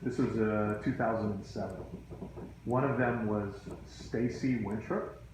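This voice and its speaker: A middle-aged man, a teacher and coach, telling a story to his students in a casual, animated way full of asides. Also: on the low side, measured pace, noisy background. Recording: very echoey room.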